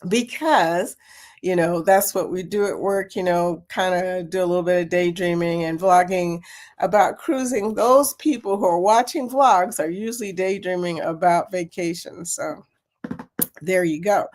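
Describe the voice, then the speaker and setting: A woman's voice: mid-range voice, a little mellow. A woman hosting a casual live chat. She talks in a chatty, folksy way, laughs often and trails off with fillers. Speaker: livestream host.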